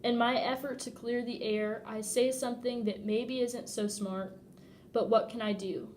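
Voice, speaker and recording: Casting: expressive female novel reader, slightly high voice, amused. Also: unhurried, slight background noise. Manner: expressive, often laughing at the text. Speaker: audiobook reader. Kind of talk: reading a novel aloud.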